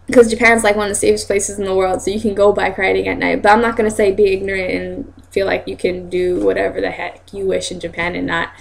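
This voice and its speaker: A young woman telling stories in a casual vlog, chatty and quick to laugh, acting out other people's lines in a higher voice. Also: creaky. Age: young adult. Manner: chatty, laughs often, acts out quotes in high voices. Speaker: vlogger.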